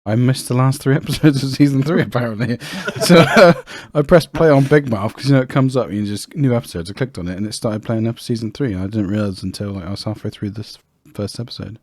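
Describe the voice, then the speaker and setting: A man's voice: medium pitch, fast, hardly any pauses, dry recording, studio quality. A man co-hosting a casual podcast, enthusiastic and mock-serious, laughing easily. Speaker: podcast co-host. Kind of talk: casual chat.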